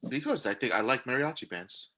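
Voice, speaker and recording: A man's voice: mid-range voice, animated, a little fast, bright, forceful tone. A man co-hosting a casual podcast, giddy and laughing a lot, swearing freely. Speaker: podcast co-host. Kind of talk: casual joking chat.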